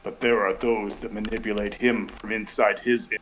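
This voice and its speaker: A man's voice: fairly low pitch, flat delivery, a bit bright, slight background noise, close to an everyday voice, poor audio. Koda, a man voicing a grave bear-tribe elder. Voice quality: clear, hearty voice. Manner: slow, grave, measured. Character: solemn bear-tribe speaker named Koda.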